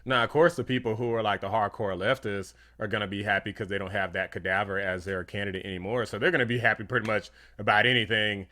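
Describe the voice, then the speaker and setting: A man's voice: lowish voice, fairly even intonation, fast talker, hardly any pauses, sharp tone. A man commenting on clips for his channel in a casual, slangy, dismissive way. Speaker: YouTube commentator. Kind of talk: reaction video commentary.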